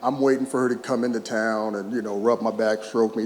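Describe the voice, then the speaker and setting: A man of roughly sixty, once a baseball player, speaks fast in a medium-pitched voice as he delivers a moving, comic speech of personal anecdotes at a podium, his voice catching now and then. The large event hall is echoey, with faint ambience.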